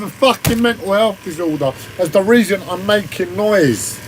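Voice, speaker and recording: A man's voice: high voice, animated, normal speed, few pauses, slight background noise, rough recording. A man in an agitated, rambling rant full of swearing, with a whiny voice and a strained throat. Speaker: livestreamer. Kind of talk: ranting monologue.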